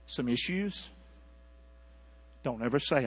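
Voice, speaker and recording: A man preaching a sermon, calling out to the congregation and swinging from near-whispers to shouts. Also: mid-range voice, expressive, normal speed, pauses often, husky, big-room sound, lo-fi sound. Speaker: pastor. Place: church sanctuary.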